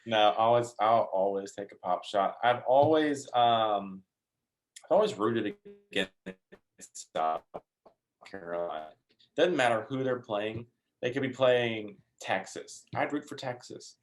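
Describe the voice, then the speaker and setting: A man's voice: fairly low pitch, slow. A young man co-hosting a casual sports podcast, blunt and offhand. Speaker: co-host.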